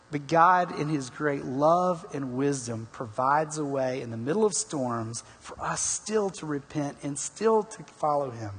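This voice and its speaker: A preacher tells an old story to his congregation in a husky, rather high voice. He drops his pitch down low on repeated words. The sound rings out with a long echo, as in a large sanctuary. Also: fairly bright tone. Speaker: pastor. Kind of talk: sermon. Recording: long hall reverb.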